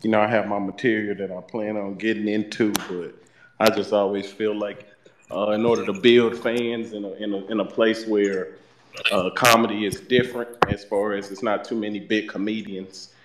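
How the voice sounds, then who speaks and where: Laid-back low-voiced man, roomy sound. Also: flat delivery, moderate pace, background noise. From Dallas, Texas. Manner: laid-back, hesitant, many fillers. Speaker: stand-up comedian guest. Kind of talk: casual chat.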